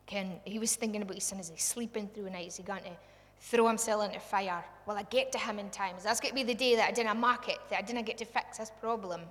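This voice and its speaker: A woman with a Scottish accent preaching a sermon, fervent, swinging from hushed to loud. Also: mid-range voice. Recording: long hall reverb.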